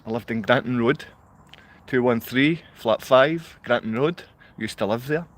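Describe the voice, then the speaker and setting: A man's voice: medium pitch, measured pace. A Scottish man ranting in a rambling monologue to a live online audience. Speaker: livestreamer.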